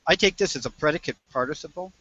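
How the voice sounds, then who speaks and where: A man's voice: fairly high pitch, fast, bright, forceful tone. A man taking part in a casual Bible study on a video call, explaining his points and thinking aloud with many filler phrases. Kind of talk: casual discussion. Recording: muffled video call audio.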